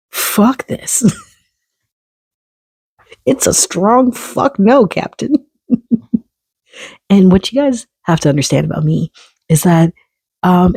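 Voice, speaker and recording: Gravelly, husky man telling a story. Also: a little high, no echo. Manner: profane, candid and animated. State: early on testosterone. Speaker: vlogger. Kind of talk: casual storytelling monologue.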